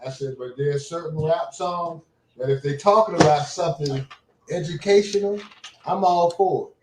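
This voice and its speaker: An older man, telling rambling, animated anecdotes in casual chat as a show host. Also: a little high, moderate pace, slight background noise. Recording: echoey room.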